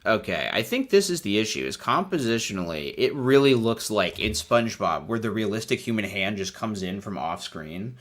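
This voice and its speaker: Animated, laughing male commentator. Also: fairly low pitch, normal speed, few pauses. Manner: animated, irreverent, laughs often. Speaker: host. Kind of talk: casual comedic commentary.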